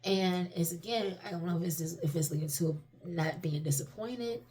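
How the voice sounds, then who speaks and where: A woman's voice: on the low side, moderate pace, mellow. A woman talking candidly in a casual personal monologue, rambling and self-reflective, swearing freely. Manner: self-reflective, many restarts and fillers. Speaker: vlogger sharing personal reflections.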